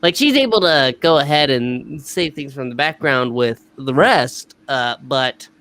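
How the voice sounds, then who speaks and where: A man's voice: mid-range voice, expressive, measured pace, fairly bright tone. A man hosting a casual TV episode review, rambling with many fillers. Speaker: host.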